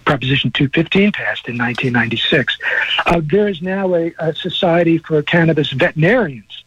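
A man's voice: fairly high pitch, brisk, fairly bright tone, slightly rough, dry recording, muffled recording. A man speaking as an interview guest, explaining in a hesitant way with many fillers and restarts over a remote line. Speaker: guest, cannabis news editor.

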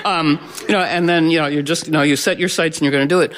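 Astrologer, male, a touch high-pitched; rambly, playful, restarts a lot, talking loosely to a live room. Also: steady tone, fast talker, very noisy. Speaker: astrologer giving a talk. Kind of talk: informal talk to a live audience.

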